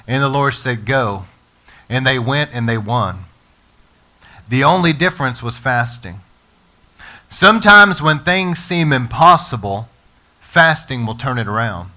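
A man preaching a sermon to his congregation, energetic and calling on the listeners to respond. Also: a little high. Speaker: pastor.

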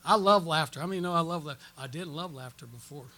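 Here a pastor's conference sermon mixes storytelling with congregational call-and-response, punctuated by frequent "okay?" and "amen?" His male voice is a little high, fast, pushed and bright.

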